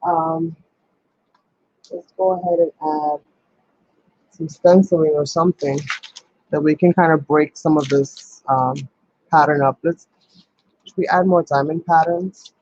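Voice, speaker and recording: A man hosting a casual crafting tutorial, talking his steps through out loud with plenty of ums. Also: fairly high pitch, steady tone, a little slow, long pauses, lo-fi sound, slight background noise. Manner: chatty, thinks aloud with many ums. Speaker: crafting channel host.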